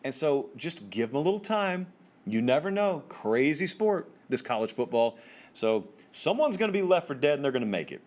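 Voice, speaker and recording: A man's voice: very animated, moderate pace. A man hosting a solo college football commentary show, talking to viewers in an emphatic, conversational way with casual slang. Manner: emphatic, conversational, pitch swings up for stress; informal slang and direct address to viewers.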